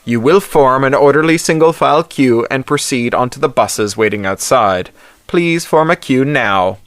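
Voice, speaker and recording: A man reading an audiobook voices a stern male French revolutionary soldier in power armor, with a French accent and formal, clipped commands over an amplified loudspeaker. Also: medium pitch, normal speed, no room sound, voice pushed up. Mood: commanding.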